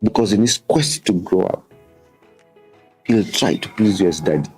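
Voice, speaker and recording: A man's voice: low-pitched, moderate pace, a little mellow, slightly rough, faint music behind, low-quality recording. A man in his thirties with a Kenyan English accent, hosting a show and talking earnestly, mixing English and Swahili and repeating words for emphasis. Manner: switches between English and Swahili. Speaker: host. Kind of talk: casual reflective talk.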